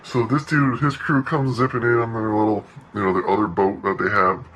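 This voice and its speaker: A man's voice: on the low side, little pitch movement, a little fast, fairly bright tone, slight background noise, rough recording. A man telling a laid-back story in a casual monologue, swearing freely and acting out quotes. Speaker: podcast host.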